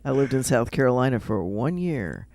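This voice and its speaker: A man's voice: medium pitch, very animated, normal speed, darkish tone, no echo. A man with a Midwestern American accent, chatting casually on a radio show and rambling through personal stories. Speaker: rabbi, radio guest.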